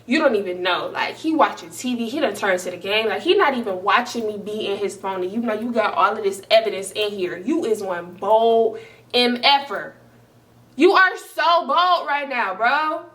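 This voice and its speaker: A woman in her twenties tells a casual storytime to viewers, animated and slangy, swearing often as she talks straight to the camera. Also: mid-range voice, normal speed, distant mic. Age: 20s. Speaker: storytime vlogger.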